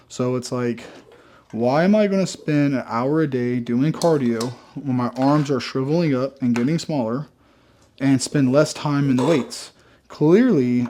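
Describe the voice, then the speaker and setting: A man's voice: mid-range voice, mellow, a little hiss or hum. A young man out of breath after training, talking in a rambling, emphatic way and repeating himself as he vlogs from the gym. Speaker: fitness vlogger. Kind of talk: casual gym vlog.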